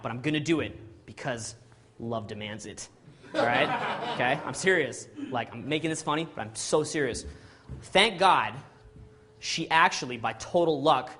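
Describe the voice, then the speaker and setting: A middle-aged man from Canada, telling a story to an audience in an animated way and acting out the dialogue, often asking "right?" and "okay?". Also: mid-range voice, moderate pace.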